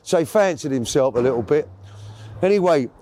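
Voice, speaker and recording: A man spins a long story as an interview guest, chatty and rambling, often stopping to correct himself. His voice sits slightly high for a man and sounds soft and mellow. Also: lively intonation, a little fast. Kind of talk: casual storytelling.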